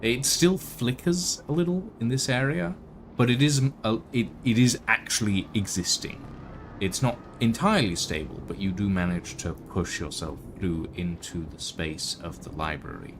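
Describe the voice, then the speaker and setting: A man narrating as game master in a tabletop game, with halting, filler-heavy delivery. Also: fairly low pitch, slight background noise.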